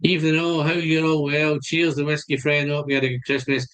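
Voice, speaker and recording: A Scottish man hosting a live stream with a voice pitched a little high. He talks in a chatty, friendly way and greets each viewer by name. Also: little pitch movement, brisk, a bit bright. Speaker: whisky channel host.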